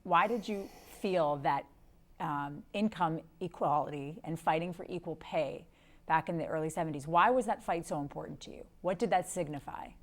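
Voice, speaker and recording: A woman's voice: sits low, moderate pace. A woman interviewer asking conversational follow-up questions in a sit-down sports interview.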